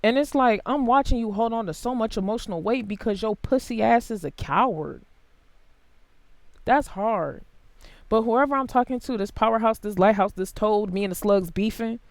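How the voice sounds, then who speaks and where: Tarot reader cussing thru a reading, loud one sec quiet the next, mid pitch, dead dry room. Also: normal speed, no room sound. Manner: blunt, profane, fired-up; big jumps in pitch and loudness. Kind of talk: casual tarot reading to camera.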